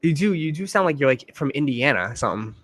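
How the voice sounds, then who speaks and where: A man's voice: medium pitch, big pitch swings, fast, fairly bright tone, no echo. A man hosting a casual livestream chat, joking around and often repeating himself. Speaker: host.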